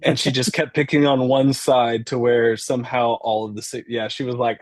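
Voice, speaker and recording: A man's voice: medium pitch, little pitch movement, moderate pace, no echo. A man, a company founder, talking as a guest in an easygoing casual chat, thinking aloud as he goes.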